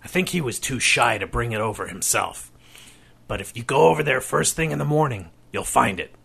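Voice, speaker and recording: A man voicing a lonely old man who is secretly Santa Claus, gentle, kindly and a little mischievous. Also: medium pitch, big pitch swings, a little fast, gravelly, slightly rough, full character voice. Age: older. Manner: gentle, kindly, with sly warnings.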